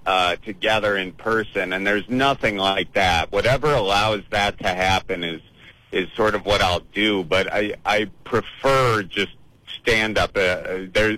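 A man's voice: on the low side, no room sound, rough recording. A man, a comedian guest, chatting casually and jokingly in a radio interview. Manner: relaxed, jokey, rambling with restarts.

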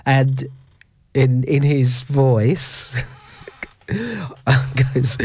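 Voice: mid-range voice, drawn-out words, long pauses, a little mellow, no echo. A radio host in casual chat, rambling and giggling through stories.

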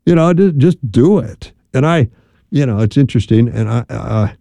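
Man, middle-aged, radio host, very mellow dark voice, dry studio sound, chatty and emphatic. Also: medium pitch, animated, normal speed, vocal fry, no room sound. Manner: chatty, emphatic, repeats words for stress. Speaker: radio host and marriage counselor. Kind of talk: casual radio talk with advice. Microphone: studio microphone.

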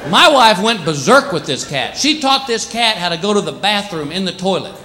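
Animated male stand-up comedian, lively pitch. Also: moderate pace. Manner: animated, acts out pets in silly voices. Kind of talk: stand-up routine. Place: comedy club stage with laughing audience. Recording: live club recording, crowd and noise.

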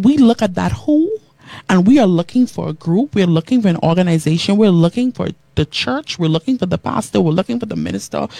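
Animated preacherly woman radio host. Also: mid-range voice, no room sound. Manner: animated preacherly delivery, repeating phrases, reading comments aloud. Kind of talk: preaching talk show with listener texts.

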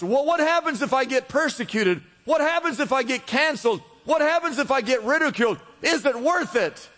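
A man with a high voice preaches a sermon to his congregation. He calls out for responses and swings between forceful emphasis and hushed drops. His voice rings with the long reverb of a large church hall. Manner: preaching with call-and-response, rising and dropping emphasis. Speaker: pastor.

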